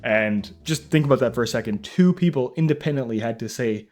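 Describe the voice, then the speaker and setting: A young man hosting a comedy reaction video, reading items aloud and mocking them. His tone is sarcastic and incredulous, with frequent laughs and quick acted-out bits of dialogue. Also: medium pitch, a little mellow. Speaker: YouTube reaction host.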